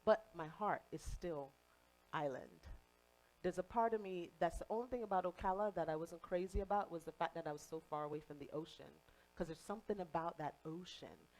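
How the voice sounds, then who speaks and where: Woman, late 30s, from Jamaica, faint accent; conversational speaker at a spiritual center, lower voice. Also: poor audio. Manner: warm, conversational, playful asides. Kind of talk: spiritual talk to a congregation.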